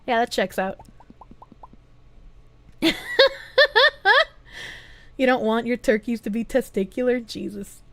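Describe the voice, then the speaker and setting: A woman's voice: fairly high pitch, fairly even intonation, slow pace, vocal fry, pauses often, dry recording. A woman streamer in casual chat, reading viewer messages aloud, giggling often and talking bluntly and crudely.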